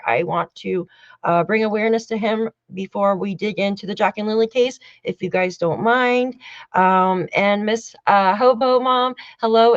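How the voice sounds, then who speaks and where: A woman's voice: on the high side, no echo, muffled recording. A woman hosting a true-crime livestream in casual chat, cheerfully greeting and thanking viewers one by one.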